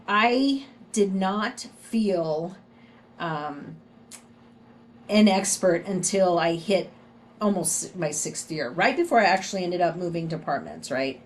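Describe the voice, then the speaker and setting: A middle-aged woman with a Southern US accent gives a recorded nursing lecture in a mid-range voice, with slight background noise. As a nursing instructor, she keeps things conversational and frequently tags her points with "right?"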